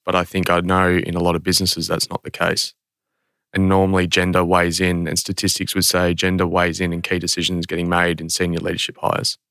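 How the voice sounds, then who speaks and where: A man, a company CEO, answering as a podcast guest in a measured, thoughtful way. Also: sits low, completely flat delivery, a bit bright, no echo, clean studio sound. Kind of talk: interview answers.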